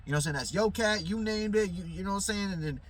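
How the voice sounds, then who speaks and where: Inside a parked car at night, a male vlogger with a high-sitting voice talks very fast to the camera. His story is heated and full of profanity, rambling along with lots of fillers.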